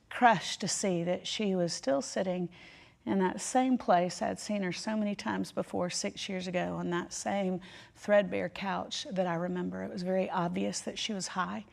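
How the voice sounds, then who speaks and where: A woman teaching a women's Bible study, telling a personal story in an emphatic, heartfelt way with dramatic pauses. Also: mid-range voice, fairly even intonation, creaky, a little mellow. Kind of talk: emotional sermon storytelling.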